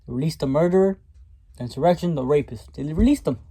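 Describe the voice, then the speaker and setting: A man's voice: a little high, quick pace, warm tone, breathy edge. A man doing a casual devotional Bible reading, often breaking off to comment emphatically in a folksy way.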